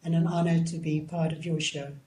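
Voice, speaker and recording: An older South African woman in her seventies, speaking as an interview guest in a mellow, darker tone. She tells her stories calmly and gently. The room around her sounds echoey. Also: sits low, brisk. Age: 70s. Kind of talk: casual interview chat.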